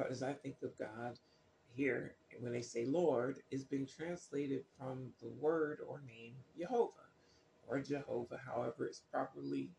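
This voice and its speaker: A man's voice: medium pitch, gravelly, a little mellow, echoey room, a little hiss or hum. A man reading scripture aloud and commenting on it in a loose, skeptical way, with many fillers and restarts. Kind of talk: casual spoken commentary on scripture.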